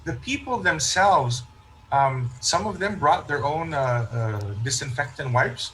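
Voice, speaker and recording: A man's voice: on the high side, expressive, unhurried, fairly bright tone, a little hiss or hum, poor audio. A man, a parish priest, talking in a casual interview and telling stories that he acts out with quoted remarks and frequent restarts.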